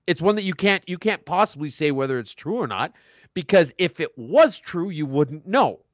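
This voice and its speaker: A man's voice: a little high, sing-song, moderate pace, dry recording, studio quality. A man co-hosting a podcast in casual chat, sarcastic and joking as he mocks what he reads. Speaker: podcast co-host.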